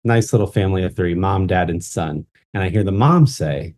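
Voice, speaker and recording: A man with a low, mellow voice co-hosts a casual podcast. He tells stories with animation and acts out the people in them. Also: brisk, few pauses. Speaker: podcast co-host. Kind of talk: casual storytelling chat.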